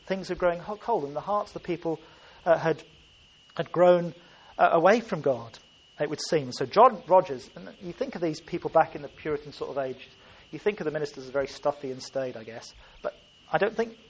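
A man's voice: a little high, a little mellow, breathy edge, highs cut off. A man preaching a sermon, earnest and emphatic, often restarting his phrases.

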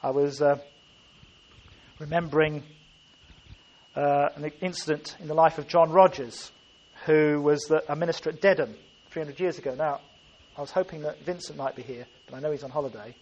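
A man's voice: on the high side, steady tone, normal speed, pauses often, a little mellow, dull audio. A man preaching a sermon, earnest and emphatic, often restarting his phrases.

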